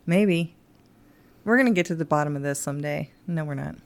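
A woman co-hosting a podcast in casual chat, playful and quick to laugh. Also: sits low. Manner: chatty, laughs often, playful. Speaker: podcast co-host.

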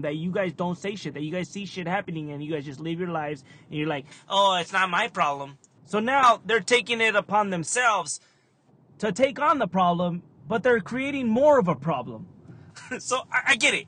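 A man's voice: sits high, lively intonation, normal speed, sharp tone, slight background noise. A young man, a store manager, animatedly telling a story in a casual vlog, swearing freely and laughing often.

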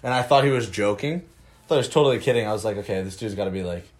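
Young man, podcast co-host, lowish voice, loose swearing storyteller, casual chat. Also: rapid-fire. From Northern California. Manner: loose, swearing, rambling anecdote with restarts.

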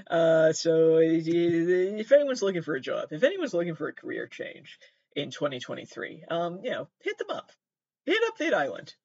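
A man's voice: fairly high pitch, vocal fry, no echo, dull audio. A young man from Massachusetts hosting a podcast, rambling through casual commentary with swearing and self-mocking asides. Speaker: podcast host.

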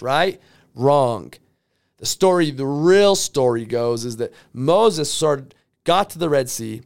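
A man telling a motivational story in a blunt, profane way, with sudden loud bursts. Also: mid-range voice. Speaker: motivational speaker. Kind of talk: energetic storytelling monologue.

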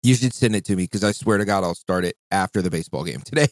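A young man with a fairly low voice tells loose, rambling stories in casual podcast chat, swearing freely and acting out other people's lines. The recording is dry and close, with no room sound. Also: fast talker, dry recording. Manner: rambling storyteller, swears a lot, acts out quotes. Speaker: podcast co-host.

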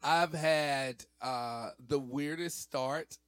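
Playful animated man, dry close sound. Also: on the high side, extremely slow, clean tone, no echo. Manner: playful, animated, jokes and mimics preachers. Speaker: host. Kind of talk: casual faith talk.

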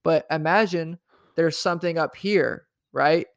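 A man's voice: on the high side, a little slow, vocal fry, dry recording, clean studio sound. A man co-hosting a podcast, talking earnestly and casually about faith, often tagging thoughts with "right?". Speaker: podcast co-host.

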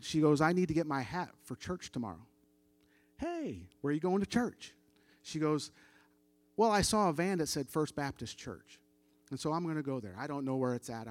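A man's voice: on the high side, no echo. A middle-aged man telling a story as a church testimony, casual and conversational, acting out the dialogue of the people he quotes. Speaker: church member giving testimony.

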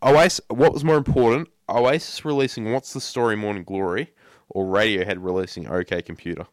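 A man's voice: lowish voice, steady tone, fairly quick, dry recording. A young man co-hosting a casual podcast, often repeating his words as he starts sentences. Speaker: podcast co-host.

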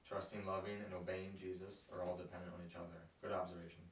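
A man's voice: low-pitched, completely flat delivery, fast talker. A man leading a Bible study group, asking questions and explaining the passage in an encouraging way. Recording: echoey room, from a distance, faint noise.

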